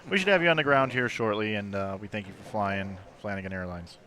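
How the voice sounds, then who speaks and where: A man's voice: fairly low pitch, fast, close to an everyday voice. A man voicing a jokey male airline captain making mock-formal cabin announcements over crowd noise.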